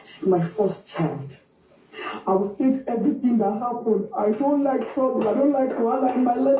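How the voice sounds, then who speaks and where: A woman with a Nigerian accent, a mother slowly and emotionally recounting what happened to her daughter. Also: on the high side, lively intonation. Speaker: grieving mother recounting events. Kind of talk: emotional personal account. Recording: distant, echoey, muffled replayed clip.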